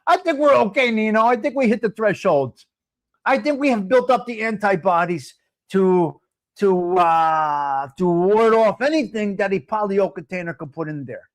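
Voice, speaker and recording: A live-stream host in his fifties, close to sixty, chats casually with his live chat viewers in a voice that's high for a man. Animated and at normal speed, he rants loudly, swears freely and calls out viewers by name.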